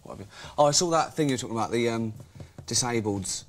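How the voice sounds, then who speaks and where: An Englishman rambles through deadpan comedy chat in an offhand way and often laughs at his own jokes. His voice sits at a middling pitch, and the recording carries a clear layer of noise. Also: fast talker. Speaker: comic guest. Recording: noisy studio recording.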